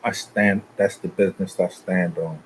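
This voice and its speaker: A man with a deep, low voice rants to his viewers in a loose, profane, confrontational way. A faint hiss of background noise sits under his talk. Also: steady tone, normal speed, low-quality recording. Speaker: channel host. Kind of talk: casual rant to viewers.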